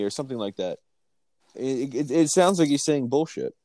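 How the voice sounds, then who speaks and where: A man's voice: mid-range voice, animated, normal speed, mellow, slight background noise. Joking, profane man chatting about a movie. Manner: joking, profane, reads from notes. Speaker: podcast co-host. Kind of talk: casual movie-discussion chat.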